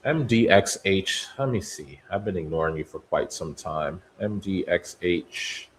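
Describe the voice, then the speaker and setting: A man's voice: low-pitched, measured pace, slight background noise. A man hosting a live day-trading stream, giving running market commentary and talking to the stocks on his watchlist as if they were people. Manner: talks to stocks like people, musing and bantering.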